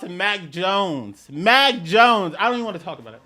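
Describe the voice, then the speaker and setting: A man's voice: high-pitched, normal speed, few pauses. Rambling sports podcast man with a New Orleans accent. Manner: rambling, repeats phrases, animated outbursts. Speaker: podcast host. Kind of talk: casual sports talk.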